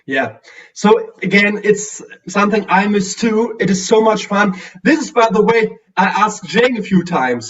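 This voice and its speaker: A man's voice: high voice, animated, unhurried, a bit bright. German-accented man on a distant call. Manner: hesitant, many fillers and restarts. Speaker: guest streamer. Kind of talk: casual video call chat. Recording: distant, dull lo-fi audio.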